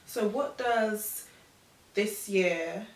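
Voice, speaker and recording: A woman's voice: medium pitch, very slow, reverberant, far from the mic, slight background noise, poor audio. A woman hosting an interview, encouraging and asking open questions. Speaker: host.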